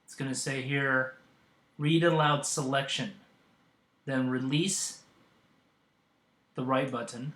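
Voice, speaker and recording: A man hosting a software tutorial, demonstrating as he goes and pausing often with ums and uhs. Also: medium pitch, fairly even intonation, echoey room. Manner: hesitant, with frequent ums and uhs. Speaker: tutorial host. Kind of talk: screen-recorded software tutorial.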